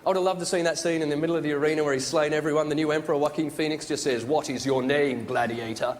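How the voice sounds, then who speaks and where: A man's voice: fairly high pitch, level tone, rapid-fire. An Australian man hosting an awards ceremony, telling jokes in a dry, wry stand-up monologue in a large theatre. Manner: dry, wry joke delivery. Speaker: awards show host. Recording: live stage with crowd and noise.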